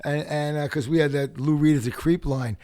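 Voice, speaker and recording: A man from the Bronx, guesting on a podcast and telling animated, profane stories. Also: on the high side, brisk. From the Bronx, New York. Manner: animated, profane raconteur who acts out the people in his stories. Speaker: podcast guest, punk rock singer. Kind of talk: casual storytelling interview.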